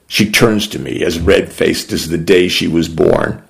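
A man narrating a story in the first person, in a measured, unhurried and somber way. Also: deep voice, creaky, a bit bright.

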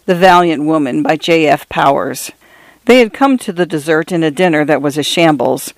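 A man narrating a short story in a measured, even reading voice. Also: a little high, no room sound.

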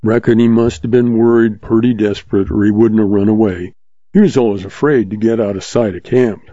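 A man voicing a smooth-talking young cowboy with an earnest, folksy drawl, read from a storybook. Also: fairly low pitch, steady tone, a little fast, mellow, no echo, muffled recording, close to an everyday voice.

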